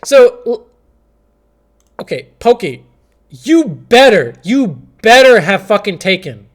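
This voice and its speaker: A young man commentating chess on a live stream, exasperated, swinging between shouts and mumbling. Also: high-pitched, big pitch swings, takes it slowly.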